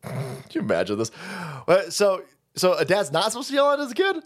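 A man's voice: wildly swooping pitch, brisk. A man hosting a political stream, ranting crudely and mocking people as he goes. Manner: crude, mocking, jumps into high mock voices.

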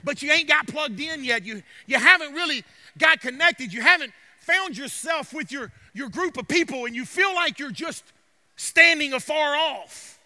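Male pastor, sharp high voice, preaching that swells to shouts. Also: animated, normal speed. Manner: preaching, building to loud cries. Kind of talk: sermon. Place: church sanctuary.

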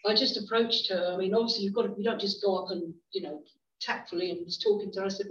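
With a medium pitch and a quick pace, a middle-aged guest preacher tells stories from the pulpit of a church hall, chatty and frequently starting over. The sound is dull, roomy and far away.

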